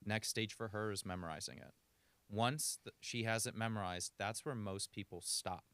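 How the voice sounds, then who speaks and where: A man's voice: on the low side, steady tone, moderate pace, fairly bright tone, clear, resonant tone, no echo. A man working as a communication coach, giving practical advice in a podcast interview and shifting his pace to demonstrate. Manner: coaching, illustrative, varies speed for demonstration.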